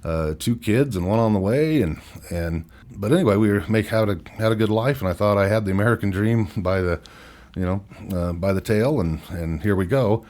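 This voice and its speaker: A man in his fifties with a very low voice tells his story to a podcast host. He is candid and rambles a little, and he often laughs at himself as he talks. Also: a little fast, darkish tone. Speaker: podcast guest. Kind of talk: personal storytelling interview.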